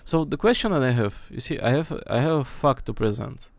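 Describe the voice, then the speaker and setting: A man's voice: mid-range voice, expressive, brisk, vocal fry, dry recording. A man streaming from home, thinking aloud as he checks how his microphone sounds at different distances. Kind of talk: casual mic-check rambling. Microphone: desk mic, moving nearer and farther.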